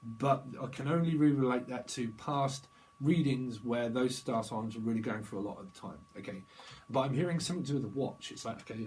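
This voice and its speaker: A man's voice: medium pitch, a little fast, darkish tone, a little hiss or hum, poor audio. A man giving a rambling psychic tarot reading, free-associating through wordplay and laughing at his own jokes. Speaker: tarot reader.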